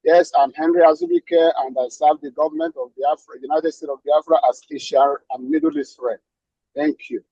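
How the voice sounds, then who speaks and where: Man, formal greetings, gravelly, husky, dull dry call audio. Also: on the high side, fairly even intonation, normal speed, warm tone, no room sound. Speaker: regional representative. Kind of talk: formal self-introduction.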